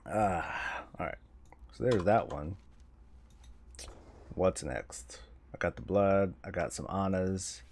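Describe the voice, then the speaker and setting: A man with a fairly low voice rambles through casual chat while he plays a game on stream. He jokes and laughs often as he talks into his desk mic. Faint ambient noise sits under his voice. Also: takes it slowly, long pauses.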